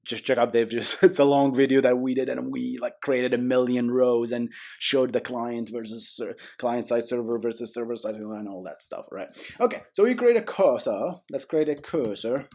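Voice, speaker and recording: A man's voice: mid-range voice, normal speed, gravelly, hardly any pauses. A young man hosting a casual programming tutorial, chatty and joking, with frequent okays and rights. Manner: chatty, animated, often adds okay and right, jokes. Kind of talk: casual screen-recorded coding tutorial.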